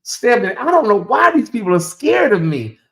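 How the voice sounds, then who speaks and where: A middle-aged man hosting a casual livestream, talking straight to his chat in an animated, teasing way. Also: high voice, fairly quick. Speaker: livestream host. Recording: echoey room.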